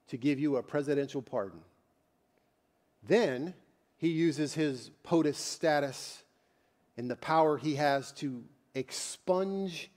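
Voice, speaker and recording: Man preaching a dynamic sermon. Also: fairly high pitch. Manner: preacher who swings from quiet intimate asides to loud shouted climaxes; conversational, repeats and restarts words. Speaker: pastor.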